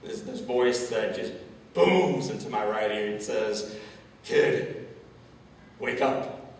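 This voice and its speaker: Un hombre de San Luis, Misuri, da una charla motivacional, con preguntas retóricas y palabras repetidas al tropezar. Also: male voice, lowish voice, animated, a little slow, slight background noise. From St. Louis, Missouri, USA. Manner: stammering repeats, frequent rhetorical questions. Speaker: motivational speaker. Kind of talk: inspirational keynote talk. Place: large event hall, indoors. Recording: echoey hall, speaker far from mic.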